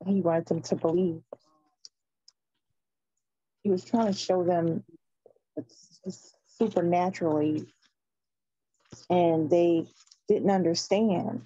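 A woman's voice: fairly low pitch, steady tone, slow pace, pauses often, mellow, husky, dry recording, lo-fi sound. A woman in a casual group Bible study, talking hesitantly while she searches for a passage.

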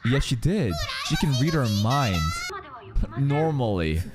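A woman reacting live to an anime, excitable and profane, laughing often and thinking aloud. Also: very deep voice, slow pace. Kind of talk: casual live reaction commentary.

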